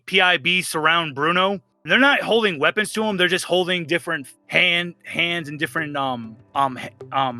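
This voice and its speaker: Bright-voiced male game master. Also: a little high. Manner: animated, jumps into character voices. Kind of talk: narrating a tabletop game.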